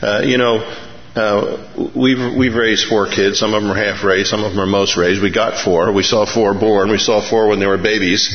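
A middle-aged pastor preaches a sermon in a lowish voice at normal speed, telling stories with animation and acting out the voices of the people in them. The hall is echoey and the sound dull.

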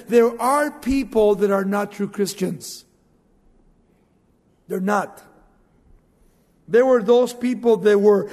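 A man's voice: sits high, a little mellow, big-room sound. A male pastor preaching a sermon, telling stories with animation and asking the congregation questions.

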